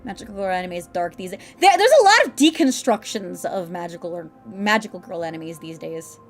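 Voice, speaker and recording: A woman's voice: lowish voice, lively intonation, fairly quick, faint music behind. A young woman streaming a game, chatting casually with her viewers, rambling and laughing often as she answers chat.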